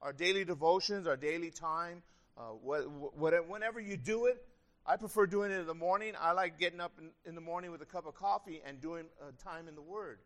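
A man's voice: on the high side, brisk, fairly bright tone. A man preaching a sermon as pastor, earnest and conversational, with a slightly strained throat.

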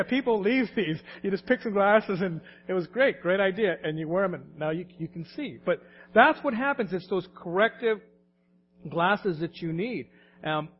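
A man's voice: sits high, highs cut off, slight background noise. A man in his late forties or older preaching a sermon in a conversational, anecdotal way, often laughing as he talks. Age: late 40s or older. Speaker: pastor.

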